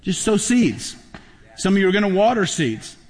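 In a high voice with big pitch swings, a middle-aged man preaches as pastor at a moderate pace. He tells stories and works up to emphatic, loud peaks, echoed by long hall reverb.

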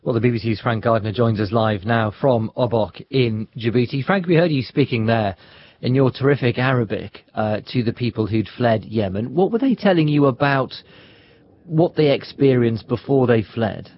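News presenter, man, husky, dry studio, slightly dull audio. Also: medium pitch, normal speed, no room sound. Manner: polished, asks questions. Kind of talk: live studio interview.

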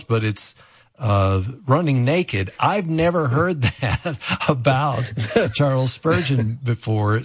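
Husky-voiced radio talk show host. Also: male voice, medium pitch, no echo, studio quality.

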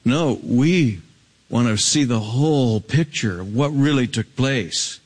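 A man preaching a Bible sermon, jumping up to high, ringing emphasis and dropping low and quiet, stretching key words slowly. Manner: swings between soaring high emphasis and low hushed reading. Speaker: pastor. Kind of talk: expository sermon.

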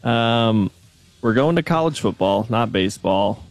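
A man's voice: lowish voice, expressive, a little slow, no room sound, soft background music. A man working as a show's video producer, casually explaining a trivia category in studio banter.

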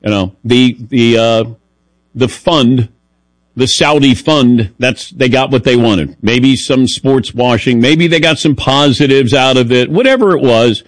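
Male sports-talk host, mid pitch, chatty and self-mocking, dry close mic. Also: a little slow, dry recording. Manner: chatty storytelling, self-deprecating humor. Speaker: radio show host.

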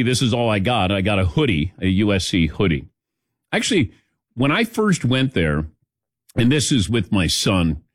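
Middle-aged guy hosting sports radio, lively up and down voice, dry studio mic, chatty. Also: fairly low pitch, no room sound. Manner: chatty, storytelling, laughs often. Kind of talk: casual sports talk.

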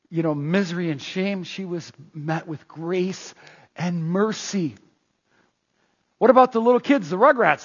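Husky high-voiced male preacher. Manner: animated storytelling, acts out scenes, frequent stammered restarts. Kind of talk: sermon. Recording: muffled, long hall reverb.

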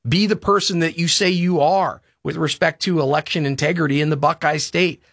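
Ranting high-voiced talk radio man. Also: steady tone, fairly quick, a bit bright, no echo, studio quality. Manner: impassioned, ranting, pleading. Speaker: radio talk show host. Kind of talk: heated political talk radio.

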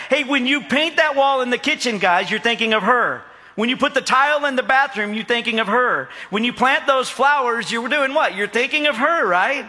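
A middle-aged man preaches with a high, bright, forceful voice, folksy and joking as he keeps calling to his congregation for an answering "amen". His voice rings out with a long reverb across a large church hall. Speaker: pastor. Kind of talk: sermon. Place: church sanctuary.

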